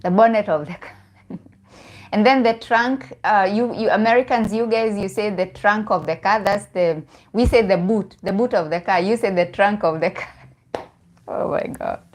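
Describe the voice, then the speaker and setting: A woman's voice: medium pitch, moderate pace. A young woman with a Kenyan accent chatting casually on a live stream, laughing often and restarting her phrases. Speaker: vlogger.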